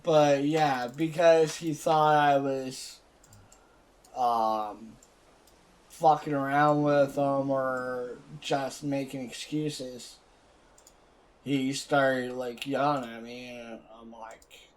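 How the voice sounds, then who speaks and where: A man's voice: mid-range voice, steady tone, drawn-out words. A young man hosting a gaming video, telling rambling stories in casual chat with plenty of filler words. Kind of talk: casual chat while playing.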